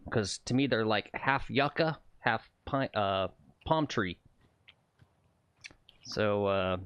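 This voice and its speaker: A man's voice: fairly low pitch, clear, resonant tone. A man hosting a golf livestream from the course, chatting casually with viewers and rambling about the game. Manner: chatty, rambling, greets chat viewers by name. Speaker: livestream golf host and commentator.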